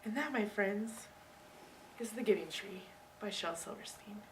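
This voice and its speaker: A woman student giving a casual book talk presentation, chatty and animated, speaking straight to her listeners. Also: mid-range voice, unhurried, recorded from a distance, noisy background.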